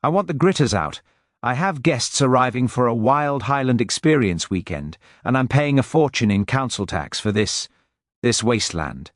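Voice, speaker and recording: A man's voice: mid-range voice, expressive, moderate pace, no echo, studio quality, natural voice. A man voicing a pompous, wealthy Englishman with a clipped, nasal London accent who barks demands. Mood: demanding. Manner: barking, demanding, disdainful. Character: pompous rich Englishman, angry newcomer.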